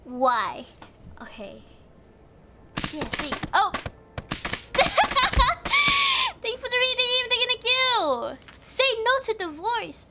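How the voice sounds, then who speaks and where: A woman's voice: very high voice, big pitch swings, slow, sharp tone, slight background noise. A young woman streaming a game, thinking aloud in casual chat, giggly and chatty. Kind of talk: casual live game commentary.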